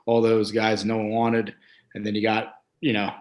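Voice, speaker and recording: A man's voice: on the low side, monotone, normal speed. A man hosting a casual sports podcast, easygoing, laughing often and moving the talk along.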